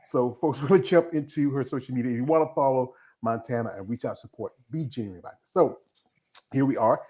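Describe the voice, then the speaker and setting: A man's voice: medium pitch, fast, darkish tone. A man hosting a livestream interview over a video call, talking folksy and addressing the audience as "folks". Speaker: host.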